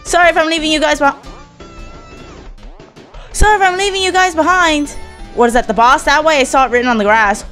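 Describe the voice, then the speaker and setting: A young woman giving excitable let's play commentary, whooping and yelling at the game. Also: high-pitched, moderate pace, soft background music. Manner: excitable, loud whoops and squeals. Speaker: gaming YouTuber.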